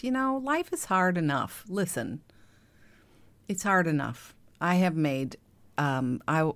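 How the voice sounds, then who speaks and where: A middle-aged woman hosting a podcast, speaking in a gentle, confiding way that often drops to a soft hush. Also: lowish voice. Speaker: podcast host. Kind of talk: reflective monologue.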